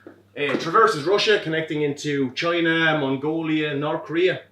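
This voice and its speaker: A young Irish man performing a wry comic monologue on a theatre stage, swearing and animated as he tells a story. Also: a little high, moderate pace, a little hiss or hum. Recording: roomy stage from far off.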